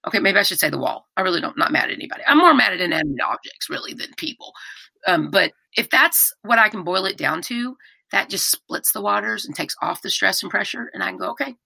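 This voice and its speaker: A woman's voice: medium pitch, fast, vocal fry, husky, dry recording. A middle-aged woman, a podcast guest talking candidly and animatedly about hard personal things. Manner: candid, animated, many restarts. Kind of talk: emotional personal conversation.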